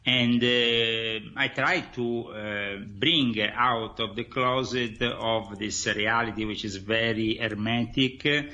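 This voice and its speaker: A man from Italy with an Italian accent, a guest author speaking haltingly in a radio interview with many pauses. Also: lowish voice, steady tone, bright, forceful tone, highs cut off.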